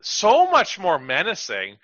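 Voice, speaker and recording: A man's voice: high voice, huge pitch swings, takes it slowly, fairly bright tone, dry recording, highs cut off. A man co-hosting a podcast, chatting casually and rambling with lots of fillers and acted-out quotes. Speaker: podcast co-host. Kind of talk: casual chat.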